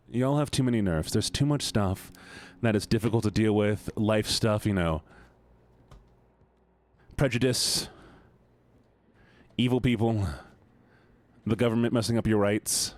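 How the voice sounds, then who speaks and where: A man streaming live, chatting casually with his audience in an excitable, playful, teasing way. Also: fairly low pitch, measured pace, long pauses, no room sound.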